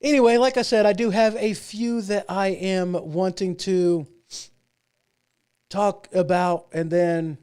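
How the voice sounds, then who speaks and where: High-voiced man ranting on politics. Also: steady tone, slow, darkish tone, clean tone. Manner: rambling, emphatic, sarcastic asides. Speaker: host. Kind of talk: casual political commentary.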